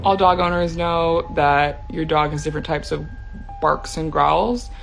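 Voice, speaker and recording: A woman's voice: deep voice, measured pace, creaky, faint music behind. A woman casually telling a true scary story about herself, chatty, with fillers and the odd nervous laugh. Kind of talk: casual first-person storytelling.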